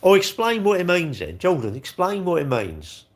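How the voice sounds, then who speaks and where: A man's voice: high voice, wildly swooping pitch, normal speed. A man, chatting casually on a live stream, rambling and blunt as he answers comments. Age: 60s.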